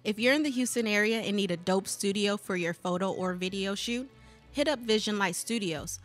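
A woman reading a short advertisement in a smooth, upbeat promotional delivery. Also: mid-range voice, normal speed, faint music behind. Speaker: ad reader. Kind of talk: read advertisement.

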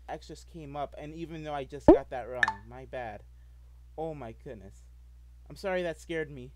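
A man's voice: a little high, lively intonation, normal speed, heavy background noise. A man giving rambling, jumpy commentary while playing a game, apologizing often. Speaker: gameplay video maker. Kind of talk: gameplay commentary.

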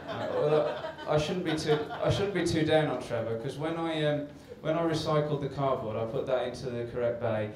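Onstage at a comedy club, a man with a somewhat high, slightly mellow voice tells a rambling, self-deprecating story at normal speed. The live recording is distant, echoey, and hissy.

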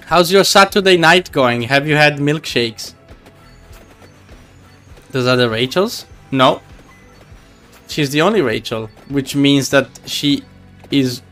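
A man's voice: mid-range voice, a little slow, pauses often, pushed and bright, soft background music. A man streaming a game live, chatting casually and teasing his viewers in a playful way.

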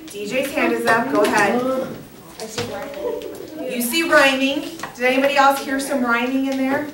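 A woman's voice: high-pitched, fairly even intonation, moderate pace. A woman teacher leading a classroom lesson, encouraging her students and calling on them by name. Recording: echoey classroom, distant mic, background noise.

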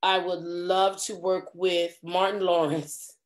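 A middle-aged woman, a comedic actress, telling stories in a casual interview and acting out quotes with lively voice jumps. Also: on the low side, takes it slowly. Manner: animated, acts out quotes with big voice jumps.

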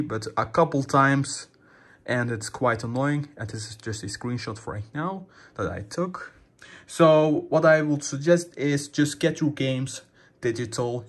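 A young man hosting a casual gaming tip video, rambling and calling his viewers guys, a little out of breath. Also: mid-range voice. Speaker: gaming channel host.

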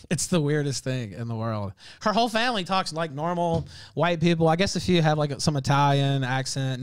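A man's voice: on the high side, clean tone, no room sound. A man hosting a livestream, ranting in heated, profane casual talk and breaking into laughs. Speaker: livestream host.

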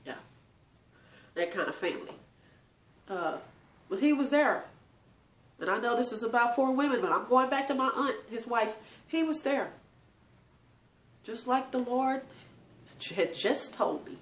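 A woman's voice: a little high, expressive, unhurried, pauses often. A woman telling tearful personal family stories to her viewers, laughing often. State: crying at times. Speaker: channel host. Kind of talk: emotional personal storytelling. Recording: echoey room.

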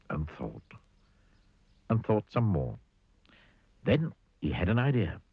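A man reading a children's storybook aloud in an animated way, asking the listener questions. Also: deep voice, breathy edge, no room sound, muffled recording. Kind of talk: storybook read-aloud narration.

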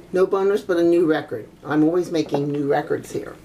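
Older grandma chattering through a video game. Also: female voice, deep voice, brisk, dark tone, slight background noise. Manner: chatty and exclamatory, with old-fashioned oaths and giggles. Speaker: gaming grandmother. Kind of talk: casual game commentary.

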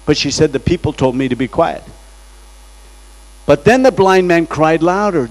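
High-voiced man preaching a story. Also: expressive, moderate pace, rough recording. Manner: dramatic, acts out quoted voices. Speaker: guest preacher. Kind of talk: storytelling sermon. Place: church sanctuary.

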